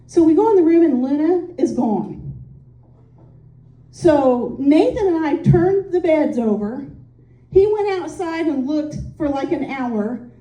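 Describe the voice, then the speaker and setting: A high-voiced woman from Indiana does a stand-up set, rambling through stories in a chatty, self-mocking way. Her tone is dark and mellow. The sound comes from a distance and echoes around the room. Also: lively intonation, takes it slowly. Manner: chatty, self-deprecating storytelling with frequent "um"s. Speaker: stand-up comic.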